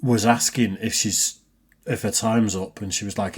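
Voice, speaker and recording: A man's voice: lowish voice, steady tone, moderate pace, husky. A man who hosts a reaction channel, chatting casually and swearing.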